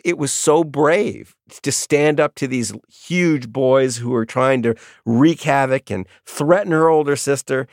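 Middle-aged guy, gravelly voice, animated storyteller, dry studio sound. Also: medium pitch, a little slow, hardly any pauses, dry recording. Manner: animated storyteller, acts out quotes. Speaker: guest, author. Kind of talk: storytelling in an interview.

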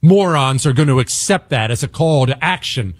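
A man's voice: mid-range voice, lively intonation, normal speed, no echo, clean studio sound. A man hosting a talk radio show, giving an angry, emphatic political monologue and repeating words for stress.

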